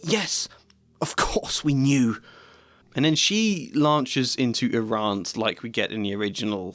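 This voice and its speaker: A man's voice: mid-range voice, fairly bright tone, no room sound. A man giving thoughtful, explanatory commentary as a video essayist on his rewrite of a story.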